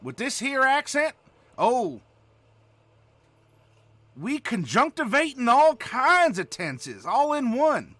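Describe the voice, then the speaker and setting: A man's voice: extremely high pitch, big pitch swings, takes it slowly, pauses often, a bit bright, no echo, pitched above the performer's own voice, exaggerated voice. A man putting on a folksy backwoods country bumpkin with an exaggerated Southern US drawl, hammy and full of mangled grammar. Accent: exaggerated Southern US drawl, put on. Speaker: host doing a joke voice. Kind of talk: comic bit in a game-rules discussion.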